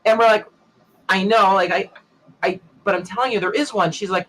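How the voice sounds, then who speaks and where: A man's voice: high-pitched, a little fast, a bit bright, low-quality recording. A man hosting a casual tech chat, telling a long anecdote and acting out the other people in it. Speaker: show host.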